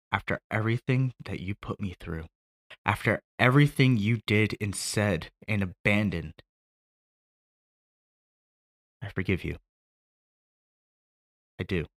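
A man reading a script aloud as a grown son grieving at his dead father's grave, moving from shouting to broken quiet. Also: on the low side, voice pushed up, heavily acted. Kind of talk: script read aloud as a monologue.

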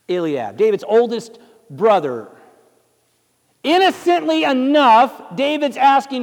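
A man's voice: very high voice, very animated, slow pace, in a large hall. A male pastor preaching a sermon, telling the story dramatically and asking his listeners rhetorical questions.

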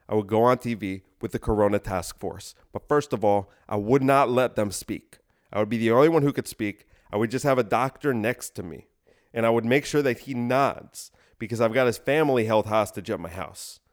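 A man hosting a podcast, delivering a deadpan comedic monologue of escalating absurd bits. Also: lowish voice, brisk. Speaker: podcast host.

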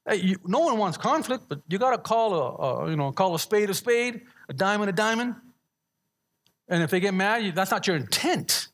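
A pastor with a high, animated, somewhat bright male voice preaches a sermon at a normal pace. His style is conversational, with repeated restarts of words and call-and-response as he asks the congregation to answer back.

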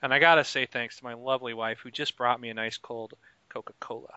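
A man's voice: medium pitch, steady tone, fast, pushed and bright, clean tone, no echo. A man hosting a casual gaming podcast, chatty and laughing often. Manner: chatty and laughing, with frequent fillers. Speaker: podcast host. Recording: dry, slightly muffled home mic.

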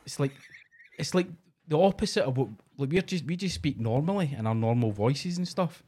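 A man's voice: on the high side, animated, a little fast, mellow, husky. A Scottish man co-hosting a casual podcast, bantering and swearing freely. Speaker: podcast co-host.

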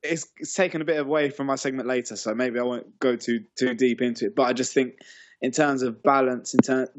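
A man's voice: mid-range voice, steady tone, a little fast, no room sound. A man hosting a casual sports podcast, teasing his co-hosts as he moves the talk along. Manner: teasing, leads the segments. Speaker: podcast host. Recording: dull lo-fi sound.

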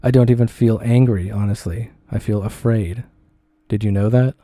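A man's voice: lowish voice, fairly even intonation, normal speed, mellow, no echo, clean studio sound, close to an everyday voice. A man voicing a young woman who confronts a harasser, earnest and pressing.

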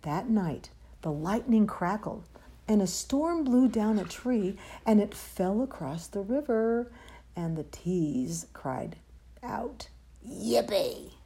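Lady reading a rhymey kids book, sing-song and soft, kinda breathy. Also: mid-range voice, big pitch swings, slow. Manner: lilting, sing-song rhythm. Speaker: storyteller. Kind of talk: rhyming picture-book read-aloud.

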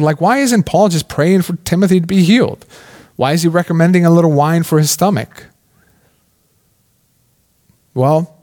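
A man's voice: a little high, darkish tone. Casual, conversational male preacher. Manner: conversational, questioning, with many "like" fillers. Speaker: pastor. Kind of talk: sermon.

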